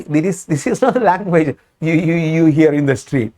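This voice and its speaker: A Sinhala-speaking man with a Sri Lankan English accent teaches a spoken English lesson, explaining each phrase over and over and sometimes slowing down for examples. His voice is fairly high in pitch with a dark tone.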